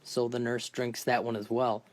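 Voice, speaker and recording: A man narrating a string of dirty jokes in a deadpan storytelling manner, briefly lifting his voice for the characters. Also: medium pitch, moderate pace. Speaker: joke teller.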